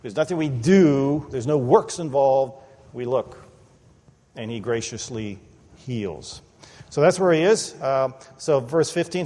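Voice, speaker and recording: A man preaching an expository sermon in a church, animated and conversational, often acting out the people he quotes. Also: a little high, measured pace. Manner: animated, acts out quoted voices, conversational asides. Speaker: pastor. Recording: long reverb of a large hall.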